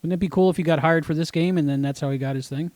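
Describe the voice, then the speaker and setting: A man's voice: on the high side, fairly even intonation, very fast, darkish tone, dry recording. A man hosting a podcast, chatting casually in a musing, hesitant way and often trailing off. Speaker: podcast host.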